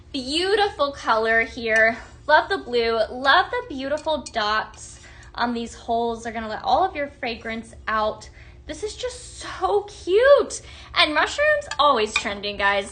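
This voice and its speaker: A woman's voice: on the high side, lively intonation, a little slow, bright, forceful tone. A young woman hosting a live sales demonstration, gushing and chatting with viewers as she shows products. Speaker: home fragrance product presenter.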